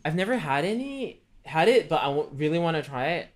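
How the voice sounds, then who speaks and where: A man's voice: fairly high pitch, big pitch swings, fairly quick, a little hiss or hum. A man chatting casually on a cooking livestream, rambling with many fillers and calling himself by name in the third person. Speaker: streamer.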